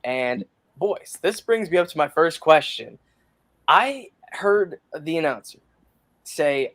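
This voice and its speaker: A man's voice: fairly high pitch, animated, a little slow, a bit bright. A man co-hosting a casual sports podcast, friendly and chatty, putting questions to the others. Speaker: podcast co-host.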